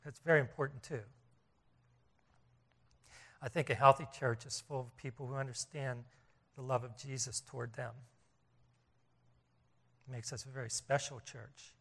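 A man's voice: mid-range voice, steady tone, normal speed, vocal fry, long pauses, fairly bright tone. A man preaching a sermon as pastor, earnest, often restarting and repeating phrases and rising in volume to stress his points.

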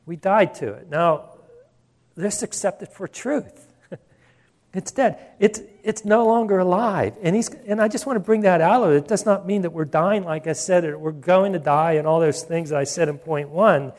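A man's voice: sits high, moderate pace, a little mellow. A male pastor preaching a sermon in an emphatic, conversational way, with asides and restarts.

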